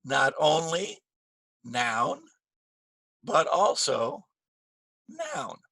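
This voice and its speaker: A man teaching an English grammar lesson, slow and patient, repeating key phrases with stress. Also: a little high, wildly swooping pitch, gravelly, pushed and bright, no echo.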